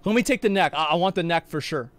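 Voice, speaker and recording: A man streaming a video game, talking excitedly, swearing, and repeating himself as he plays. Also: on the high side, fast talker, slight background noise. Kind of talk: live-stream gaming commentary.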